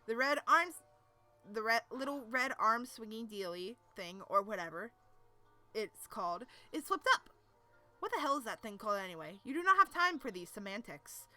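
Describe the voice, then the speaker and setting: A woman's voice: a little high, very animated, normal speed, sharp tone, soft background music. A woman reading a webcomic aloud on a live stream, with casual, self-deprecating asides and stumbling over words.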